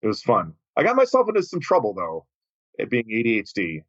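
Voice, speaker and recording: A man telling a lively story as a guest on an interview podcast, acting out the voices of the people in it. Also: a little fast, dry recording, muffled recording. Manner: animated, acts out quoted voices with big pitch jumps.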